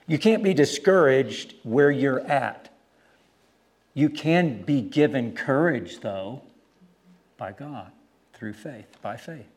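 Animated preacher telling a street story. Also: male voice, medium pitch. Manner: animated storytelling, acting out other voices loudly. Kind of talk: sermon with storytelling.

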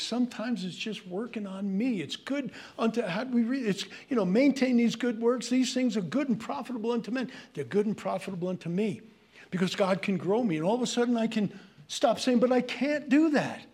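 An older man with a New York accent, preaching a sermon in an animated, joking way that turns into rants. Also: high-pitched, husky. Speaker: pastor.

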